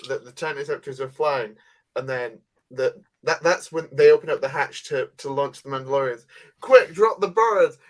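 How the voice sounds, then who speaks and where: A man hosting a casual chat, animated and jokey, acting out silly scenes. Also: mid-range voice, brisk. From United Kingdom. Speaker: host.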